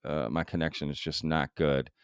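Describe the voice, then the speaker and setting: Deep-voiced man hosting a live stream. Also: flat delivery, moderate pace, smooth, no room sound, studio quality. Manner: loose and conversational, full of fillers. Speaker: show host. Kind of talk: casual live-stream chat. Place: home live-stream setup.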